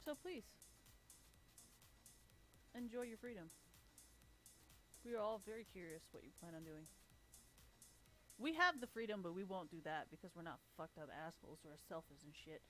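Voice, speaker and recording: A woman's voice: fairly low pitch, expressive, normal speed, pauses often, pushed and bright, soft background music. A young adult woman streamer ranting casually and bluntly, swearing heavily and laughing often. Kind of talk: casual profane rant.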